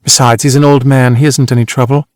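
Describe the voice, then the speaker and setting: A man doing a worldly ex-actress who teases and cuts, brisk and sharp-tongued. She sounds close and dry, with no room around her, a woman from a storybook reading. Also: medium pitch, flat delivery, no room sound, natural voice. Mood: teasing. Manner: teasing, brisk and cutting.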